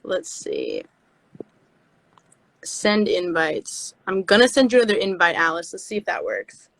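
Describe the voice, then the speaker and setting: A woman's voice: mid-range voice, huge pitch swings, measured pace, gravelly, no room sound, rough recording. A woman hosting a casual livestream chat on her phone, giggly and a little scattered as she reads out fan questions. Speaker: livestream host. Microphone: phone video stream.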